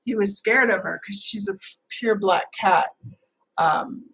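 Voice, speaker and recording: A woman's voice: medium pitch, unhurried, gravelly, a bit bright, slightly rough, poor audio. A woman hosting a live stream, chatting casually in a rambling way before leading a channeling prayer. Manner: rambling, chatty, many fillers.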